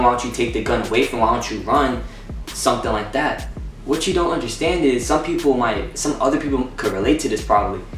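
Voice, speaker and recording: A young man telling a personal story in a casual storytime vlog, excited, swearing and acting out what people said. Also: medium pitch. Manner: excited, swearing, acts out quotes. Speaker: vlogger. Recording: roomy echo from far off.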